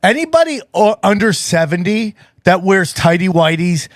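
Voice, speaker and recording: A man hosting a podcast in loud, crude, joking casual chat, plugging shows and riffing. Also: high-pitched, big pitch swings, normal speed, no room sound, clean studio sound. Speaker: podcast host.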